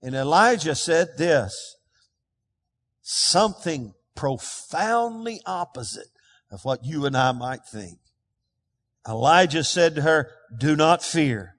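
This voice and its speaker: A man's voice: fairly high pitch, expressive, takes it slowly, long pauses, fairly bright tone. A man preaching a sermon as pastor, emphatic and calling on the congregation to respond. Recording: long reverb of a large hall.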